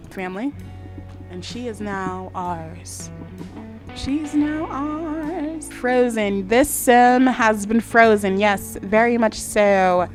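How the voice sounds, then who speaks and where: A woman commenting casually on a life-simulation game, chatty and excitable, often laughing and doing quick voices. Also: fairly high pitch. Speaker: gaming vlogger. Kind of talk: casual let's-play commentary. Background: background music.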